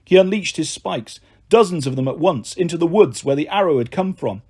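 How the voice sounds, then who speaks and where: A man narrating a fantasy novel in an expressive storytelling voice. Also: a little high, a little fast, breathy edge. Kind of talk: audiobook narration.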